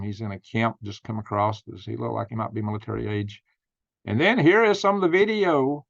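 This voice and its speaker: A man's voice: medium pitch, gravelly, dry recording, lo-fi sound. A man hosting his own channel, reading news items aloud and musing on them with folksy slang and rhetorical questions. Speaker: channel host.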